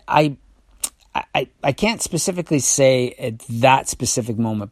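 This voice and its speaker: Male podcast host, mid-pitched, dry close sound; candid, halting storytelling full of restarts. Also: dry recording. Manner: halting, many restarts and fillers; reflective, confessional.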